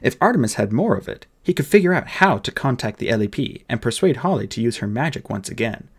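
A man reading an audiobook aloud with expressive, dramatic narration. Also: medium pitch, fast talker, husky.

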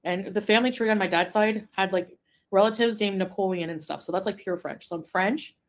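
A woman's voice: mid-range voice, fairly quick. Rambling woman live-streamer reading comments. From Quebec, Canada. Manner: rambling, easily distracted, giggly asides. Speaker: livestreamer.

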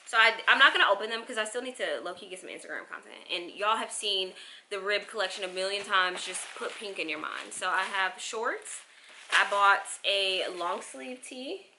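A young woman vlogger chatting excitedly to her viewers while she unboxes packages at home. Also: medium pitch, moderate pace, slight background noise. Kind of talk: casual unboxing vlog.

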